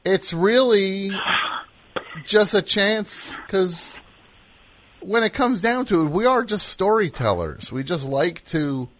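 A man's voice: sits high, animated, slow pace, dry recording, voice pushed up, heavily acted. A man putting on the voice of a pompous, pontificating animation pundit. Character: pompous self-important male animation pundit.

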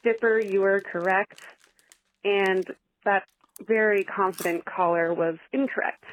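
A woman's voice: medium pitch, steady tone, unhurried, slight background noise. A woman from Idaho leaving a cheerful, confident voicemail for a podcast. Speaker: caller. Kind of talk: voicemail message. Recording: dull lo-fi voicemail.

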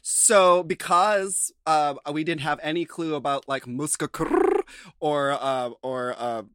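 A man's voice: fairly high pitch, fairly even intonation, slow pace, a bit bright, smooth. A man co-hosting a casual recap podcast, rambling with lots of "like" and "um". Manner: rambling, full of fillers like "like" and "um". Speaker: podcast co-host.

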